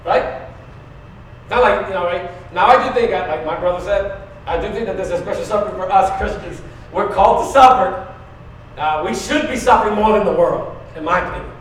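A man preaching a conversational sermon, going from quiet to loud, asking the congregation questions and laughing often. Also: high-pitched, a little fast, slight background noise. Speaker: pastor. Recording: very echoey room, mic at a distance.

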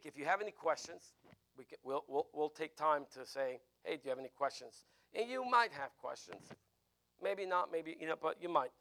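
A pastor teaching a Bible class preaches an informal, conversational sermon in a fairly bright, higher-pitched male voice. He often restarts his sentences and tosses in "right?" asides.

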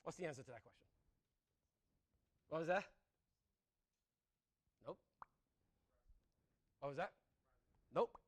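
A male preacher with a high, very expressive pitch gives a conversational sermon. He laughs quickly at his own jokes and poses rhetorical questions to the room.

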